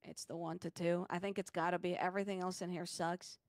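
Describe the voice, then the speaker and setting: A woman's voice: lowish voice, little pitch movement, a little fast, a little mellow, no room sound. A young woman streaming a game, chatting casually and grumbling playfully about her loot. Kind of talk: casual gaming stream chat.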